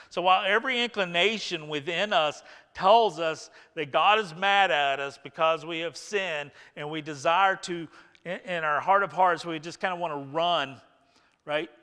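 A man's voice: a little high, normal speed, bright, forceful tone, smooth, in a large hall. A man preaching a sermon as pastor, talking conversationally and asking his listeners rhetorical questions.

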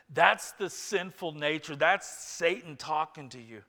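A man's voice: on the high side, measured pace, hardly any pauses, bright, forceful tone, in a large hall. A man preaching a sermon as pastor, talking conversationally and asking his listeners rhetorical questions.

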